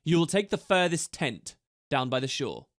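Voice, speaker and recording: A man's voice: a little high, sing-song, normal speed, no echo, studio quality. A man voicing a fierce male Charr commander who snarls curt orders. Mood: cold.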